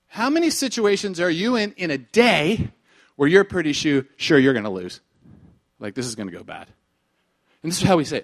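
A man preaching a sermon in an animated way, acting out bits of dialogue and swinging between loud and hushed delivery. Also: high voice. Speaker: pastor.

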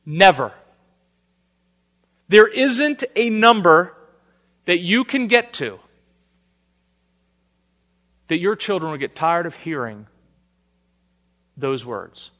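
A man's voice: high-pitched, very animated, slow pace, long pauses. Man, pastor, sermon, dynamic delivery, reverberant hall. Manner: dynamic, swings between soft and emphatic.

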